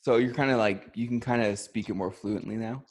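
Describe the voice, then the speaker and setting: A man in casual podcast chat, telling anecdotes in an animated way and laughing often. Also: on the low side, a little fast. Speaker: podcast co-host.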